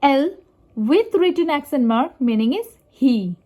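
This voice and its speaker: A woman teaching a language lesson at an unhurried pace, her voice sitting a little high. She explains step by step and stretches out each example word so it can be heard clearly. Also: animated, warm tone. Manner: measured, spells out example words slowly and clearly. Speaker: Spanish teacher.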